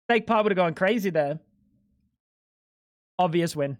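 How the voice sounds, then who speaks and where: A man's voice: high-pitched, lively intonation, unhurried, no echo, studio quality. A man chatting casually on a live stream, rambling and sweary, with lots of "like". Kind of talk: casual chat while gaming.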